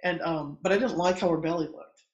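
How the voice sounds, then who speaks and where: Animated middle-aged man telling stories. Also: fairly high pitch, brisk, highs cut off. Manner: animated, acts out quoted voices, laughs often. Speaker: midwife. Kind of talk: casual storytelling in conversation. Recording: roomy echo.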